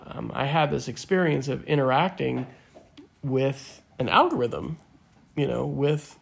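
A man's voice: medium pitch, animated, unhurried, gravelly, breathy edge. A man in his fifties, a podcast co-host, chatting casually in a reflective, rambling way with fillers. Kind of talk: casual chat.

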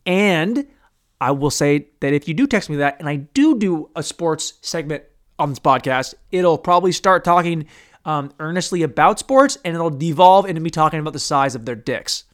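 A man's voice: fairly high pitch, animated, normal speed. A man hosting a casual podcast on his own, rambling crudely and mocking himself as he talks. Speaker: podcast host. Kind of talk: casual solo podcast monologue.

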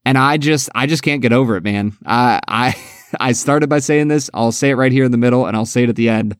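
An enthusiastic man in casual podcast chat about a film, laughing often and full of fillers. His pitch sits in the middle range. He is recorded close and dry. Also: a little fast, smooth, dry recording. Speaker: podcast co-host.

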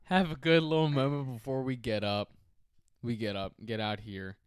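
A man's voice: medium pitch, flat delivery, normal speed, clear, resonant tone, dry recording, studio quality. A man co-hosting a podcast in casual chat, joking, laughing and swearing freely. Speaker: podcast co-host.

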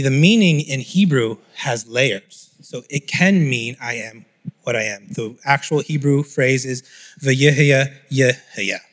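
A man preaching a sermon in a relaxed, explanatory teaching style, reading scripture aloud and unpacking it. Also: medium pitch. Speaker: pastor.

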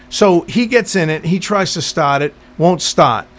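A man telling a story in casual chat, animated and profane, acting out what people said in quick bursts. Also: high voice. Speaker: podcast co-host telling a story.

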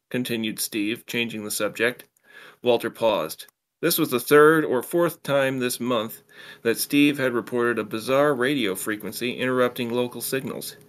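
A man reading a story aloud, plain and steady, now and then stumbling and restarting a phrase. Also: mid-range voice. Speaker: story reader.

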